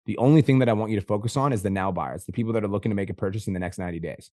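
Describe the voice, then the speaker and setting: A man's voice: on the low side, no echo, clean studio sound. A Canadian man coaching on a casual call, blunt and profane, with a Canadian English accent. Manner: blunt, profane, fast and animated. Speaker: business coach and host.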